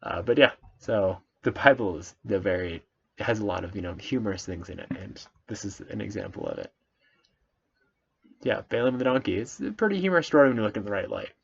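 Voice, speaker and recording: A man's voice: on the low side, expressive, fairly quick, gravelly, breathy edge, lo-fi sound. A man reading a Bible passage aloud and commenting on it in an amused, rambling way with self-corrections.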